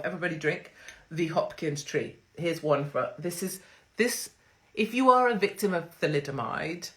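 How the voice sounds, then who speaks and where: A woman's voice: low-pitched, fairly bright tone. A middle-aged woman, hosting a crude, sarcastic livestream monologue from home on her phone. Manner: brash, crude, sarcastic, swears freely. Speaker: livestream host.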